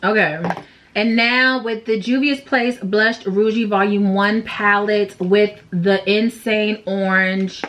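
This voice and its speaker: A woman's voice: medium pitch, steady tone, slow pace, a bit bright, a little hiss or hum. A woman chatting through a makeup tutorial, candid and slangy, openly sad and emotional as she vents between steps. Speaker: makeup vlogger. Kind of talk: casual makeup tutorial chat.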